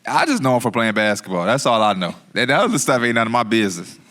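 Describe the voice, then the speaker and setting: A man's voice: mid-range voice, sing-song, quick pace, fairly bright tone. A man co-hosting a live podcast, telling a story in a slangy, laughing way. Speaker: podcast co-host.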